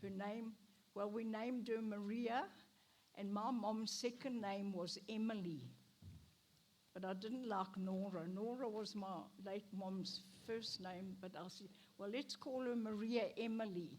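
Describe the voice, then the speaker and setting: A woman's voice: mid-range voice, steady tone, unhurried, a little mellow. An older woman giving a personal testimony in church, emotional and acting out the lines she quotes. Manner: emotional, acts out quoted speech with laughs. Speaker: interviewee sharing her life story. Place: church stage.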